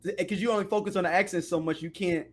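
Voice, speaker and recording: A man's voice: high voice, steady tone, fast, crowd noise. A man co-hosting a casual podcast, teasing and joking with his co-host.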